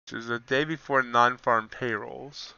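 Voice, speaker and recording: A man's voice: medium pitch, a little slow, creaky, smooth, no room sound, lo-fi sound. A man hosting a casual live stream, commenting on the futures market and answering chat as he goes. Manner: relaxed, thinks aloud, answers chat. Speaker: livestreaming futures trader.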